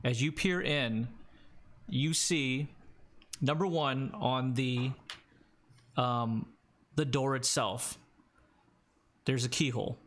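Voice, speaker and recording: A man's voice: medium pitch, steady tone, slow pace, pauses often, fairly bright tone. Man narrating as game master. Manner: descriptive, with hesitations.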